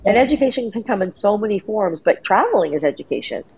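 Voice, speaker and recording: Soft-voiced woman telling a rambling story. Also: medium pitch, big pitch swings, quick pace, husky, rough recording. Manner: rambling storyteller with many restarts and fillers. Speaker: guest. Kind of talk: casual chat.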